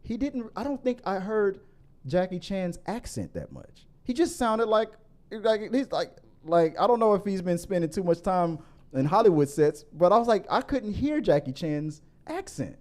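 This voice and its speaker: A man hosting a casual movie talk show, rambling with many restarts and growing more animated as he argues his point. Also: high-pitched, normal speed. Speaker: podcast host.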